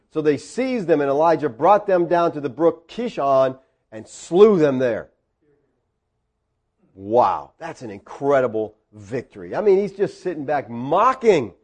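Preacher guy, fairly high voice, super lively, goes hushed then loud. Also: moderate pace. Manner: animated storytelling, swings from quiet asides to loud peaks. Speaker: pastor. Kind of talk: sermon.

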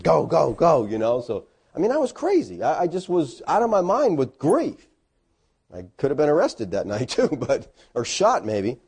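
A middle-aged man preaching a sermon, his voice mellow and a little higher than most men's. He tells stories with folksy asides and self-deprecating humor, and his pitch swings widely as he talks. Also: breathy edge. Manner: animated storytelling with sudden loud, high bursts.

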